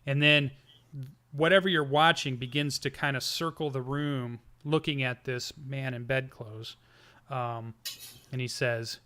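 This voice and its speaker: A man narrating a tabletop game as game master, halting often with ums and restarts. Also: mid-range voice, steady tone, pushed and bright.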